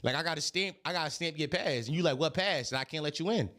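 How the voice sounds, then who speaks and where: A man from Philadelphia with a Philly accent, co-hosting a podcast in loud, teasing casual chat. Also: fairly high pitch, fast. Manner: loud, teasing, playful trash talk. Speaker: podcast co-host.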